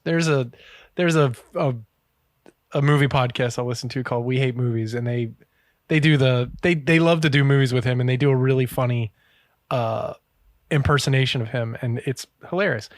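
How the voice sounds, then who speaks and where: A man's voice: mid-range voice, moderate pace, no echo, clean studio sound. A man hosting a casual comedy podcast, joking, swearing and slipping into silly impressions. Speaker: podcast host.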